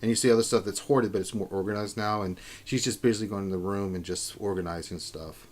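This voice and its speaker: Low-voiced man running a tabletop game. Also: steady tone, quick pace, darkish tone. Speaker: dungeon master.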